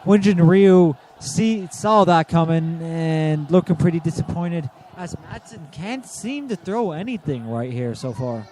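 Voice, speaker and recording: High-voiced man doing sports radio commentary. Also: lively intonation, measured pace, hardly any pauses, a little mellow, slight background noise. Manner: analytical play-by-play, building emphasis. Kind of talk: live game commentary.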